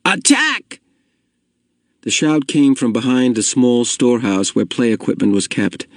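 A man reading a story aloud in steady, measured scripted narration. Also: medium pitch, dry recording, clean studio sound. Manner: steady, measured reading, slowing at heavy moments. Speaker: audiobook narrator.

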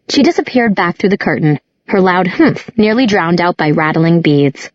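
A woman with a low, husky voice narrates a novel audiobook in an even, measured way. The recording is close and dry, with a slightly dull, muffled sound. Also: no room sound.

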